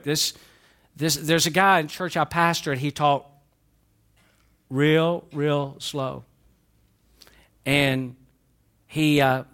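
High-voiced Southern preacher. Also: male voice. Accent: Southern American. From Southern United States. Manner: emphatic preaching, swinging between raised exhortation and quiet asides. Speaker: pastor. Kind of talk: sermon. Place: church sanctuary.

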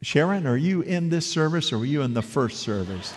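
Preacher, man, higher voice, chatty storytelling sermon, long church reverb. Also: sing-song, fairly quick, noisy background. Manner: conversational, asks the congregation questions.

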